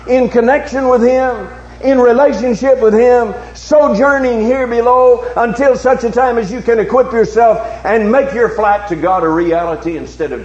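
A male preacher delivers a sermon, moving between low, hushed tones and loud, emphatic challenges packed with repeated rhetorical questions. The recording is echoey and dull, with a faint hum.

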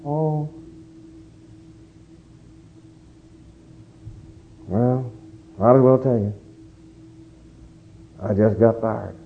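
A preacher voicing a husband who quietly admits he lost his job. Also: mid-range voice, phone-quality sound. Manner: subdued, resigned. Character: dejected husband just laid off.

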